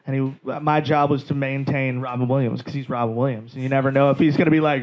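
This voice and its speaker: Animated stand-up comic telling a story. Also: male voice, medium pitch, fast talker, few pauses, muffled recording, crowd noise. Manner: rambling, animated anecdotes. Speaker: stand-up comedian. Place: comedy club stage.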